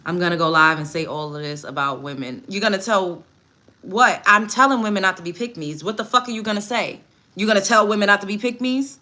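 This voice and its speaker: A woman's voice: medium pitch, quick pace, pushed and bright. A woman hosting a livestream, reading chat comments aloud and answering them in a blunt, profane, indignant rant while doing her makeup at home. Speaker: livestream host.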